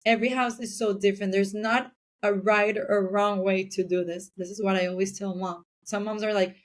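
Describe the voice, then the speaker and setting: A woman speaking as a podcast guest in an earnest, conversational way about raising kids. Her voice sits in an ordinary middle pitch, and she warms to her points by acting out small scenes. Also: fairly even intonation, moderate pace. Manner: earnest, acts out little scenes in other voices. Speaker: parenting guest. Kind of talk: casual podcast chat.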